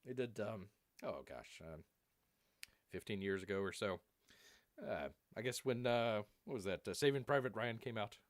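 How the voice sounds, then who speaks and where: A man's voice: on the low side, normal speed, no echo, studio quality. A man hosting a live stream who rambles through jokey asides and calls himself Bear in the third person. His voice is wearing out.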